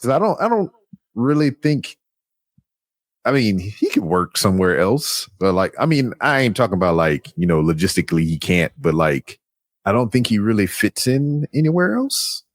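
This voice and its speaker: A man's voice: fairly low pitch, very animated, normal speed, no echo, studio quality. A man co-hosting a podcast in casual chat, laid-back and joking, rambling through his points. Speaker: podcast co-host. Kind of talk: casual chat about wrestling.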